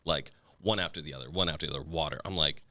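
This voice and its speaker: A male podcast host with a very deep yet bright, forceful voice, racing through stories in an animated, casual way. He swears freely. The sound is dry and close. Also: racing, no echo. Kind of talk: casual storytelling chat.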